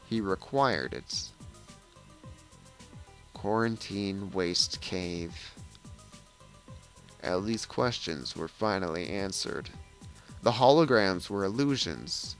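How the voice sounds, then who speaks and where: A man's voice: fairly low pitch, low-quality recording. A man hosting a let's play, reading game text aloud and adding sarcastic asides. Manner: lively, switches between reading and sarcastic asides.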